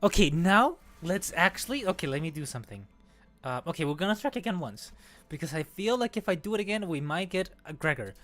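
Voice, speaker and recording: Excitable woman streamer with lively pitch. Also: a little fast. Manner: squealing bursts of excitement, then deflated mumbling. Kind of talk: excited gacha-pull stream chat.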